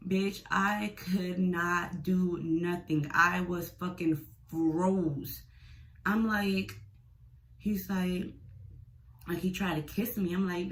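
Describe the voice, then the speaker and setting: A young woman vlogger telling a storytime tale, blunt and profane, animated and chatty. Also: on the low side, slow, low-quality recording. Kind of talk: storytime vlog.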